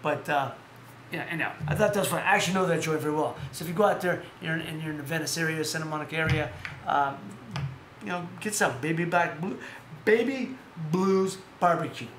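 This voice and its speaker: Rambling, animated man in an echoey room. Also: on the high side, quick pace. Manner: rambling, animated storytelling with self-corrections. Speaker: host. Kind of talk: casual live-stream chat about boxing. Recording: echoey room with faint background noise.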